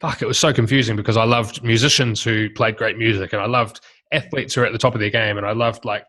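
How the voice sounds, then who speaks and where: Fast-talking man hosting. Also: fairly low pitch, fairly even intonation, a bit bright. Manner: fast, enthusiastic, casual swearing. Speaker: podcast host. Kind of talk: casual conversation.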